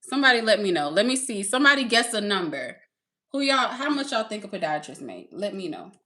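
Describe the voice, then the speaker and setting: Fast and pushed, her medium-pitched voice is bright and swings widely in pitch. This woman is streaming live, chatting casually and rambling while she reads the chat, laughs often, and talks to "y'all."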